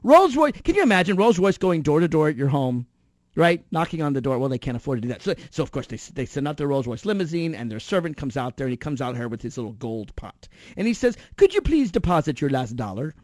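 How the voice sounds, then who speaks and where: A man giving a sarcastic political monologue that builds to loud outbursts. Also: fairly high pitch, animated, fast, no room sound, studio quality. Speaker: political commentator. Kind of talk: animated satirical monologue.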